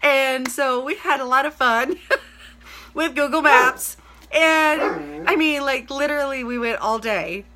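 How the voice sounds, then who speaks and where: A middle-aged woman, chatting casually to camera in a rambling, excited way, full of "like" and "literally" and greeting viewers by name. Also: high voice, slow, background noise. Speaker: vlogger.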